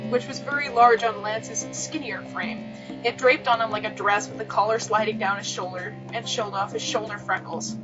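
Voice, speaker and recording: A woman co-hosting a podcast, reading fan fiction aloud with wisecracking, rambling asides and casual swearing. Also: a little high. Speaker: podcast co-host. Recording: muffled lo-fi with background music.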